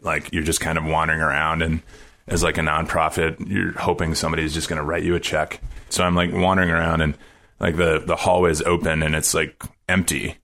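A man's voice: sits low, a bit bright. A man, a podcast guest, telling a story casually, rambling with lots of filler words.

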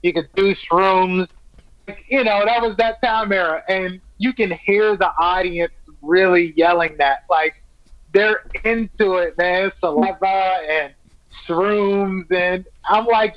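A man's voice: high voice, takes it slowly, no echo, dull audio. A man, a stand-up comic, chatting as a podcast guest in a laid-back, enthusiastic way, full of "man" and "like". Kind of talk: casual podcast chat.

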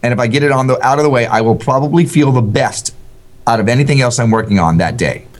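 A man co-hosting a casual group discussion and taking calls, speaking in an animated way and quick to agree. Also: mid-range voice.

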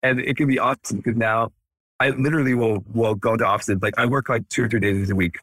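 Podcast guest: energetic dentist in his 30s, bright forceful voice, dry close sound. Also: medium pitch, quick pace, no echo. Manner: energetic, animated, acts out quotes. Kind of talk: casual podcast interview.

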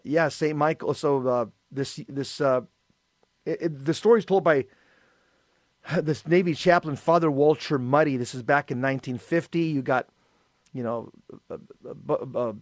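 A man co-hosting a talk show, telling stories in a lively way and acting out the voices of the people in them. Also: medium pitch, dry recording, clean studio sound. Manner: animated storyteller, acts out quoted voices. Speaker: co-host. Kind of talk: casual radio talk, storytelling.

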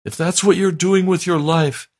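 Male pastor, sermon delivery, gravelly and fervent, emphatic repetition. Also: sits high, fairly even intonation, moderate pace. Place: broadcast sermon.

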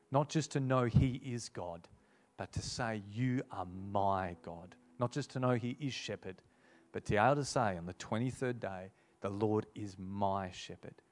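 A man preaching a sermon and altar call, earnest and repetitive, slowing down to quote scripture. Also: medium pitch, a little mellow. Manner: earnest, repeats key phrases, slows for scripture.

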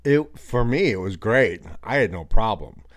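A man's voice: fairly low pitch, expressive, moderate pace. A man co-hosting a hiking video, chatting casually with chuckles and friendly advice. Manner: easygoing, chuckling, gives friendly backpacking tips. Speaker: co-host of a hiking channel.

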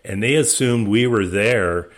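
A man, guest of an interview, telling his voyage stories in a relaxed, anecdotal way with many restarts. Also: fairly low pitch, measured pace. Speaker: interview guest, expedition skipper. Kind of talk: relaxed storytelling.

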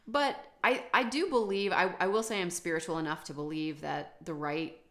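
A woman with a deep, low voice chats about her writing life in a relaxed podcast conversation. She talks loosely and self-deprecatingly, full of fillers and restarts. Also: moderate pace. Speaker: author guest.

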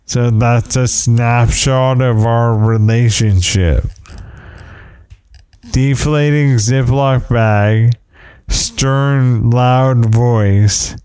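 A man's voice: mid-range voice, extremely slow, darkish tone, clean tone, no room sound, clean studio sound. A man hosting a podcast who rambles through anecdotes in a casual chat, with self-deprecating asides. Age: parent of young kids. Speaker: podcast host.

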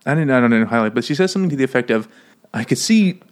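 A man's voice: mid-range voice, lively intonation, very fast. A man co-hosting a podcast, riffing crudely on a book in casual banter and laughing as he talks. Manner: crude, joking, laughs often while talking. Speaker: podcast co-host.

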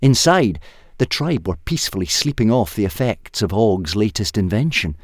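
Deep-voiced man reading a story. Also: moderate pace, no echo, clean studio sound. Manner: lively, expressive reading.

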